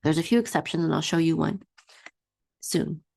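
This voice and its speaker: A woman teaching a one-on-one Hebrew reading lesson, patiently singing each word out slowly for her student to repeat. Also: low-pitched, vocal fry, darkish tone, no room sound.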